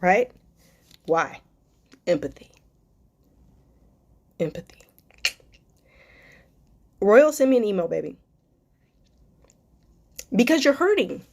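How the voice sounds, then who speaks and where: A woman's voice: on the high side, sing-song, unhurried, creaky, long pauses, a little mellow. Affectionate woman hosting a live Q&A. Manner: affectionate, calls viewers darling, baby, sweetheart; emotional, close to tears, spiritual encouragement. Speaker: host and life coach. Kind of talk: live stream Q&A, reading viewer comments.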